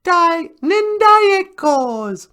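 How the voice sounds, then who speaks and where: A woman's voice: very high voice, big pitch swings, drawn-out words, bright, forceful tone. A woman co-hosting a language podcast, playfully acting out feelings with hammy little sound effects. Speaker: podcast co-host. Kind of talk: playful acted examples.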